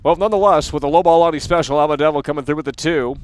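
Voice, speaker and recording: A man's voice: a little high, very fast, dry recording. A young adult man hosting a gaming livestream, ranting bluntly and casually with lots of swearing. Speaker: livestream host.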